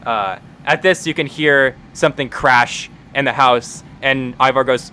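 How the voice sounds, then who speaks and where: A man running a tabletop game, narrating loosely with lots of filler words. His voice is middle-pitched, with a faint hiss in the background. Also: normal speed, hardly any pauses, pushed and bright. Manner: casual, filler-heavy narration. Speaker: game master.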